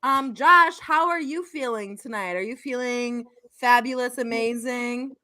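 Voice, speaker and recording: A woman hosting a casual podcast chat, bubbly and quick to laugh. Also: a little high, sharp tone. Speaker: podcast host.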